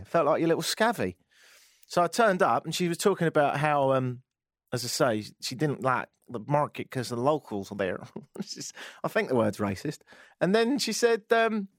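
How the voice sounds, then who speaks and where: A man hosting a talk radio show, telling a story with sarcastic, animated asides. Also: mid-range voice, brisk, dry recording, studio quality. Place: radio studio.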